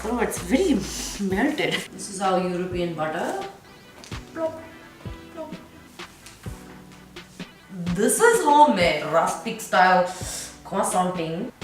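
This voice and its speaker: A chatty, playful woman walks through a home recipe, now and then half-singing her words. Her voice rings around a very echoey home kitchen. Clear music plays behind her. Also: lowish voice. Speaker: home cook presenting a recipe. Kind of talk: casual cooking vlog chat.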